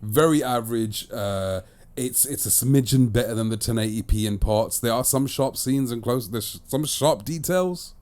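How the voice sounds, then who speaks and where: A man's voice: medium pitch, normal speed, darkish tone. A man hosting a casual podcast, giving chatty opinions and repeating phrases for emphasis. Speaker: podcast host and disc reviewer. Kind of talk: casual chat.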